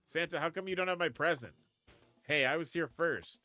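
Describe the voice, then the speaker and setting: A man voicing eager little children begging for presents, in a high, whiny, pleading tone. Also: normal speed, bright, forceful tone, dry recording, faint music behind.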